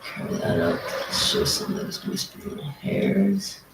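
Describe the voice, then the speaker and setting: A live-stream painter talking casually while working, muttering to themself, repeating words as the brush moves and often dropping to soft whispers. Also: medium pitch, sing-song, measured pace, vocal fry, very noisy. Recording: roomy echo.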